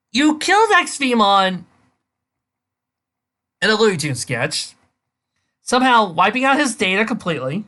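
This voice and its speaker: Animated woman reading and mocking fanfiction. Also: on the low side. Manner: incredulous, sarcastic, breaks into laughter. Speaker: fanfiction reader and reviewer. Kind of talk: dramatic reading with sarcastic commentary.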